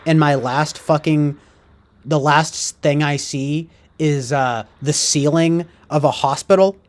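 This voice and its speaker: A man's voice: a little high, fairly even intonation, measured pace. A man ranting casually, rambling and profane, with heavy fillers. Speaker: streamer. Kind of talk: casual rant.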